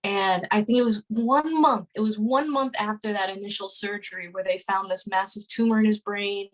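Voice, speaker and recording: Woman, 30s, podcast guest, casual earnest storytelling, lots of fillers and restarts, mid pitch. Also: steady tone, normal speed, poor audio.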